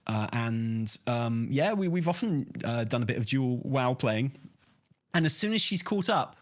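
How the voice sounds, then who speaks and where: A man's voice: medium pitch, lively intonation, a little slow. A man talking casually as a podcast guest, joking and rambling with laughs. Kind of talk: casual chat.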